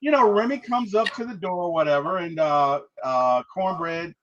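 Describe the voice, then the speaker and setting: A man hosting a casual movie review, retelling scenes in an animated way and acting out the characters' lines. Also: sits high, moderate pace, highs cut off, a little hiss or hum. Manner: animated storyteller, acts out quotes, frequent "right?".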